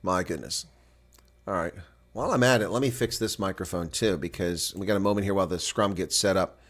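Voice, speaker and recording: Excitable male rugby play-by-play commentator. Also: a little fast. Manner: excitable, bursts loud and high on big plays. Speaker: live reaction rugby commentator.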